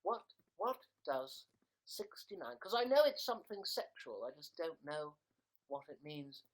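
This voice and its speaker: A man's voice: fairly high pitch, big pitch swings, a little slow. A young man hosting a casual livestream from a room at home, joking and rambling, reading comments and dropping into whispered asides. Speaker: livestream host. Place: room in a house.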